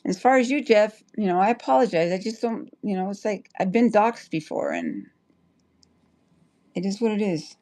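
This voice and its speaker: A woman's voice: medium pitch, sing-song, moderate pace, warm tone. A woman chatting on a livestream, rambling and apologetic, stopping and restarting her sentences. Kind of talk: casual livestream chat.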